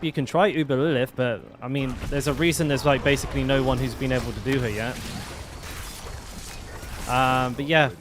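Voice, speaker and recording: A man's voice: mid-range voice, a bit bright, a little hiss or hum. A young man chatting casually while streaming a game, rambling with lots of fillers and restarts. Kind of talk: casual live-stream chat.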